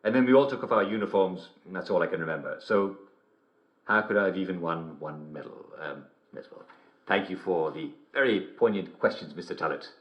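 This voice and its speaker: A man's voice: sits low, fairly quick, dull audio, natural voice. An actor playing a relentlessly cheery male television host, delivering theatrical scripted broadcast patter.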